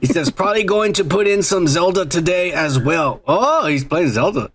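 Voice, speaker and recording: A man's voice: sits high, lively intonation, normal speed, a bit bright, slightly rough. A man hosting a podcast, telling a crude, rambling story full of swearing and "uh" fillers. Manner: rambling, profane storytelling with frequent "uh". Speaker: podcast host. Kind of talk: crude casual chat.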